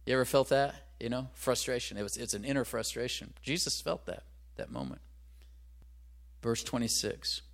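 A man delivers a sermon in an easygoing, conversational tone, speaking at a middle pitch for a man. He keeps turning to his listeners with rhetorical questions. When a reference slips his mind he hunts for it out loud and starts his sentence over. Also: moderate pace, creaky. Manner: searches aloud for references, restarts. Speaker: pastor.

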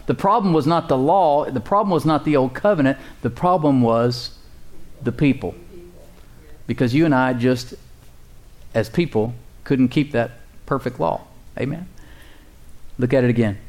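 A man preaching a sermon as pastor, calling out to the congregation and slowly repeating key phrases. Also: medium pitch, darkish tone.

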